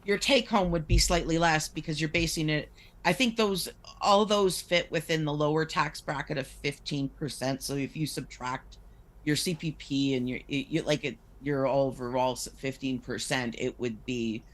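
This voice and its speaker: A woman's voice: sits low, steady tone, moderate pace. A woman talking as a guest on a podcast, earnestly explaining figures and reading excerpts aloud with frequent restarts. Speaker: guest discussing poverty policy.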